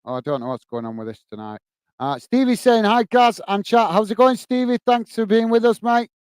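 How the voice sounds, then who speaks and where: A man hosts a live football watch-along, calling the play as it unfolds and greeting viewers between moves. His voice sits a touch high and sounds smooth and clear. The room is dry and close, with little echo. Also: animated, brisk, darkish tone. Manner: chatty, greets viewers by name, many fillers. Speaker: host of a fan live stream. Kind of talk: live football commentary and chat reading.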